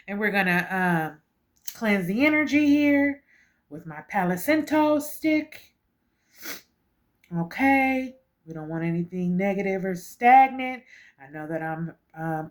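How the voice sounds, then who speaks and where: A woman hosting her spiritual vlog, emotional and grateful, tagging nearly every sentence with "okay" and breaking into laughter. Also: mid-range voice. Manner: emotional, repeats "okay" often; laughs and gushes with gratitude. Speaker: spiritual channel host.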